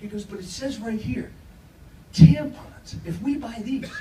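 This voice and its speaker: A man doing stand-up comedy, telling jokes in an animated way and acting out the characters' voices. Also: sits high, a little fast, a little hiss or hum. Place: comedy club stage. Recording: echoey club room from a distance.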